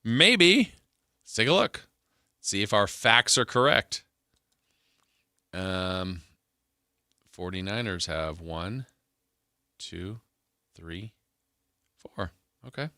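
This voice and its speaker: Casual male sports radio host: low, crisp, very bright voice, rambling studio chat. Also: big pitch swings, extremely slow, pauses often, no room sound. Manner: rambling, thinks aloud.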